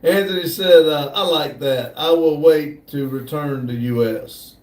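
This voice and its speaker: A man hosting a casual livestream, slowly reading viewer comments aloud in a drawl. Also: fairly high pitch, a little mellow. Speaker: livestream host reading chat. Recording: echoey room, distant mic.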